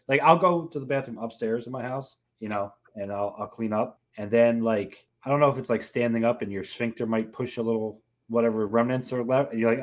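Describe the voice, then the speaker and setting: A man's voice: medium pitch, a little fast, hardly any pauses. A man with a mid-range voice trades loose, rambling banter on a podcast. He laughs easily and wanders through his points. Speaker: podcast co-host. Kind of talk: casual chat.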